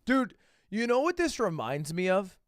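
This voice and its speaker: A young man in his twenties reacting to a video on stream, animated and swearing, switching between loud outbursts and quiet mutters. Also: sits high, moderate pace, no echo, studio quality. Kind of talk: casual reaction commentary.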